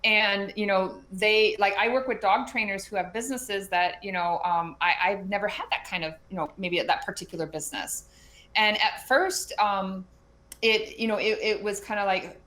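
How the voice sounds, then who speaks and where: A woman guest on a podcast who talks in a chatty, animated way. Her pitch sits in a middle range for a woman. She speaks with frequent restarts and fillers, casual and conversational. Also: normal speed. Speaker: interview guest, educator and business mentor.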